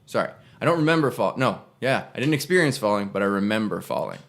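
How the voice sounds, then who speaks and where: A young man with a low, gravelly voice tells a personal story in a relaxed, casual way. He rambles and corrects himself as he goes. He slips into small voices when he quotes people. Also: fast talker. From Canada. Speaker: actor and podcast guest.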